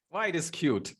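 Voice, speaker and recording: A man's voice: fairly high pitch, darkish tone, breathy edge. A man with an Indian accent teaching an online English class, repeating himself and stopping often to quiz his students. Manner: repetitive, stops to ask students questions.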